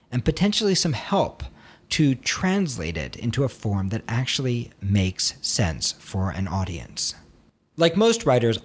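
A man gives a screenwriting lesson in a slightly husky voice. His pitch swings freely as he talks. He is expressive and animated, and now and then he acts out the nagging inner critic. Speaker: screenwriting teacher. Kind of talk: instructional talk to camera.

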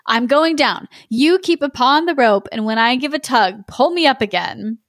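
A clever male storybook cat, weary and polite, who sounds a little out of breath, as a woman reads his lines. Recorded close and dry, near her own pitch. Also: animated, moderate pace, no room sound. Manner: tired, panting.

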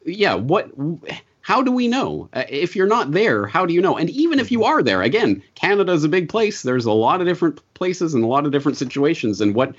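A man answering as a podcast guest, talking in a measured, explanatory way with frequent "uh" and "um". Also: a little high, big pitch swings, husky. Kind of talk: conversational interview answer. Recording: dull lo-fi podcast audio.

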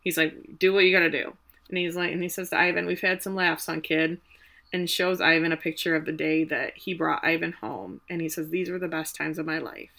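A woman co-hosting a casual chat, retelling a film's story in an animated, emotional way. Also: low voice, fairly quick, creaky. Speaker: podcast co-host recapping a film.

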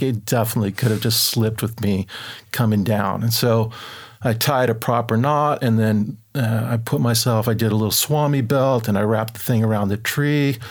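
A man spins a story in conversation, loose and chatty with plenty of fillers. When he quotes others, his voice jumps up and gets livelier, then settles back into an easy middle pitch. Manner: animated, acts out quotes in a raised voice. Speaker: guest telling an adventure story. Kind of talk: casual spoken storytelling.

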